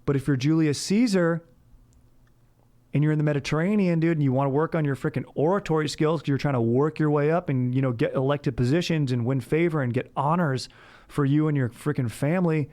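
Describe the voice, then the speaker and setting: A man's voice: a little high, fairly quick, darkish tone. A young man hosting a podcast, telling a rambling story in a laid-back, casual way and saying "dude" all the time. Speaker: podcast host.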